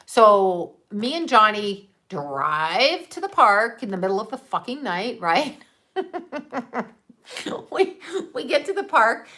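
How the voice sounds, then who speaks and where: A middle-aged woman casually telling a story, brash and animated, swearing freely and often laughing mid-sentence. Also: a little high. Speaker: mother and channel host.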